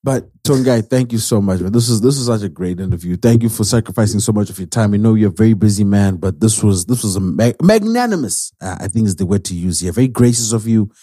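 A man's voice: on the low side, animated, quick pace, hardly any pauses, dark tone, dry recording, clean studio sound. A man co-hosting a podcast, thanking and teasing his guest in a rambling, joking way. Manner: rambling, teasing, many restarts. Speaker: podcast co-host. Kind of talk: casual podcast chat.

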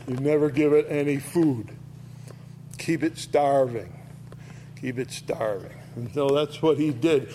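Male Bible teacher, slightly high voice, animated conversational delivery, faint noise in the recording. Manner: animated storytelling, acts out quoted voices.

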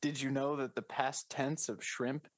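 A man riffing through an improvised comedy podcast bit, keeping a deadpan tone while he stacks up wordplay. His voice sits at an ordinary pitch. The recording is dry and close, with no room sound. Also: measured pace, no echo. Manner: spins absurd running bits with deadpan wordplay.

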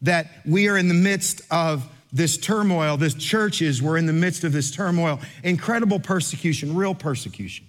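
A middle-aged pastor with a fairly high voice preaches a sermon, starting with a brisk, animated anecdote full of mimicked voices. He then slows into weighty reading of scripture, staying conversational and direct with the congregation throughout.

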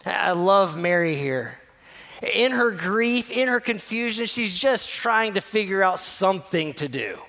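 Gravelly-voiced male pastor preaching. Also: high-pitched, lively intonation, a little slow. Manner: conversational, earnest storytelling, drops to a soft hush at key moments. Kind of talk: sermon.

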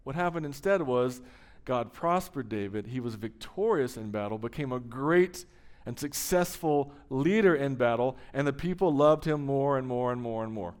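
A pastor preaching a sermon, telling a story with emphasis and slowing down for dramatic pauses. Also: male voice, medium pitch, animated, darkish tone, clear, resonant tone.

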